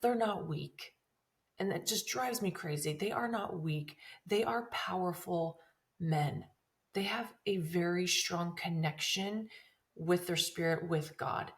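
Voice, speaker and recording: A woman's voice: on the low side, slow pace. A woman in her thirties hosting a podcast, telling a personal story in an emotional, earnest way that rambles with many restarts. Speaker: podcast host.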